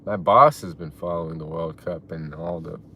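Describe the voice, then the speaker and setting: A man live-streaming and chatting casually, reading out chat messages in a laid-back way and reacting loudly to donations. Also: low-pitched, steady tone, normal speed, a little hiss or hum.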